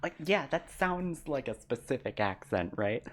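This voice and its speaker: Woman streamer with a really low deep voice, reads the game out loud and cracks jokes. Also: big pitch swings, measured pace. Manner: reads game text aloud and jokes about it, laughing often. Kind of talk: live game reaction stream.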